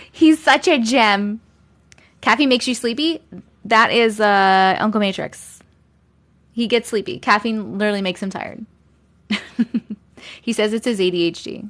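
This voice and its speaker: A woman's voice: medium pitch, a bit bright. A woman from Long Island hosting a casual live stream from home, chatting with viewers, thanking them by name and laughing often. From Long Island, USA. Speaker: live-stream host reading chat.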